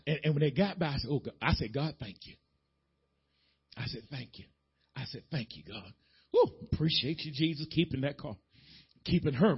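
A man's voice: on the high side, breathy edge, highs cut off. A man preaching a sermon in a folksy, emphatic way, addressing the congregation directly in a church sanctuary. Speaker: pastor.

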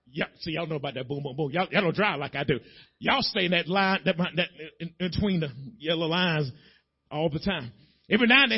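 Husky high-pitched pastor preaching to his congregation, muffled lo-fi sound. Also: brisk. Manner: folksy, emphatic preaching that addresses the congregation directly. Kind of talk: sermon. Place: church sanctuary.

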